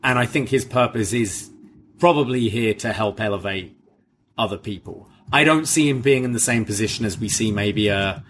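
A man's voice: lowish voice, moderate pace, a bit bright, a little hiss or hum. Opinionated man on a podcast. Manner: opinionated, hedges with "I think". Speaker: co-host. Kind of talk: casual podcast review chat.

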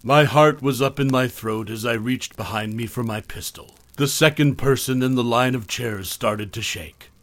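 A man reading a horror story aloud in a measured, even storytelling voice. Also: mid-range voice, dry recording. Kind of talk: scripted narration.

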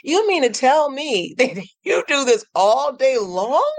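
A woman coach guesting on a podcast, speaking in a lively, animated way, laughing often and acting out her inner voice in playful high tones. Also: slow. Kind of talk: casual podcast interview.

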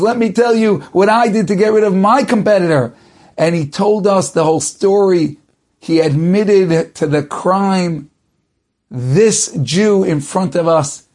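A man's voice: sits high, darkish tone, voice pushed up. A man acting out an authoritative male judge who declares his ruling emphatically.

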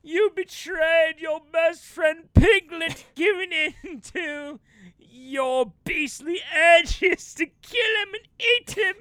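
A woman's voice: extremely high pitch, slow pace, sharp tone, dry recording, pitched above the performer's own voice, exaggerated voice. A woman playing an overdramatic male actor in an improvised comedy bit, wailing every line with tearful, theatrical melodrama. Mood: melodramatic. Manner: wailing, over-the-top melodrama.

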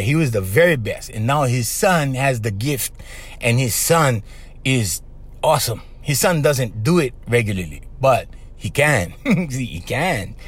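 A man's voice: medium pitch, breathy edge. A man, rambling casually as host and often laughing as he talks to listeners. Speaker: host, former radio voice performer.

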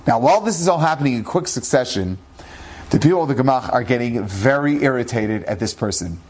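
Lively male rabbi telling a story. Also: mid-range voice, brisk. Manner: lively storyteller who acts out the dialogue, with Hebrew and Yiddish words. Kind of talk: storytelling podcast.

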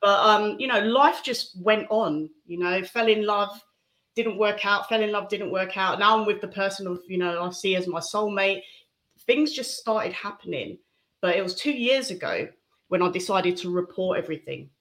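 A woman speaking candidly and reflectively as an interview guest, giving a personal testimony with soft laughs. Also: medium pitch, normal speed.

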